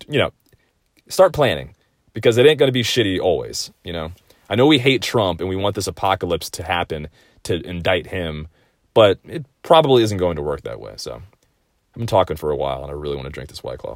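Speaking briskly in a low voice, this thirtysomething podcast host does a rambling, profane comedy monologue from home, full of wild, animated swings in delivery. The sound is clean studio quality with no room echo.

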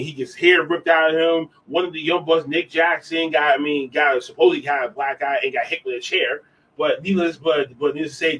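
A man's voice: a little high, fairly bright tone, husky, distant mic, rough recording. A man, a podcast co-host, giving a loose, rambling recap of backstage news and often repeating himself.

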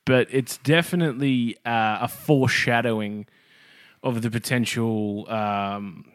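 A man's voice: mid-range voice, fairly even intonation, unhurried, clean tone, dry recording, studio quality. An Australian man co-hosting a podcast, rambling and self-deprecating in casual chat, laughing often. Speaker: podcast co-host.

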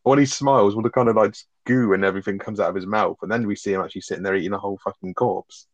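A man's voice: on the low side, fairly even intonation, very fast, dry recording, muffled recording. A man co-hosting a podcast, chatting casually and retelling film scenes with lots of swearing. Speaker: podcast co-host reviewing a film. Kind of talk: casual chat.

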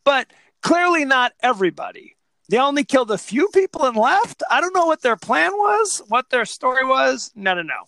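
A man co-hosting a podcast in casual chat, animated and laughing as he retells scenes. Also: very high-pitched, moderate pace, gravelly. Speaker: podcast co-host.

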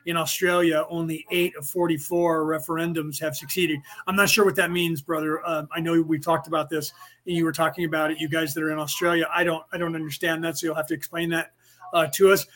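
A man's voice: on the high side, level tone, quick pace, fairly bright tone. A man hosting a podcast, talking casually and emphatically, rambling and reading out listener comments. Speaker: podcast host.

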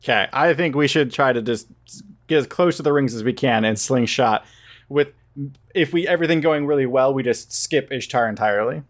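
A man's voice: mid-range voice, a little fast. A man playing a tabletop game who eagerly lays out his plan at length, checking in with "right?" as he goes. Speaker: player.

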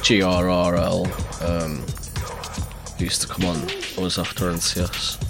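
A man's voice: low voice, level tone, measured pace, gravelly, music in the background. A man co-hosting a podcast, laid-back and easygoing, swearing casually while reviewing demos. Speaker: podcast co-host.

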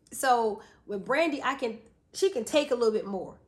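On a casual podcast, a thirtysomething female co-host with a somewhat high voice talks at a moderate speed. She recounts family stories animatedly, laughing frequently.

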